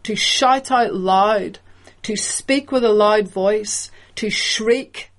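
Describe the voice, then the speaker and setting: A woman with a mid-range voice preaches a sermon, measured and emphatic, explaining what words mean as she goes.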